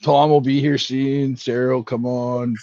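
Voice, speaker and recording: A man's voice: mid-range voice, flat delivery, measured pace, vocal fry, darkish tone, dry recording. A man in casual chat, laid-back and swearing, often repeating his words. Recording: dull, dry lo-fi audio.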